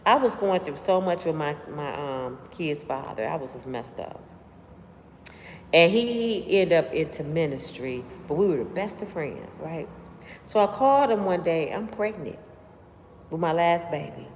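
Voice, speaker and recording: A woman hosting a livestream, telling stories straight to her viewers in an animated, slangy way. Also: deep voice, measured pace. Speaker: livestream host. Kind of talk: casual storytelling to live viewers. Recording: long room reverb, faint background noise.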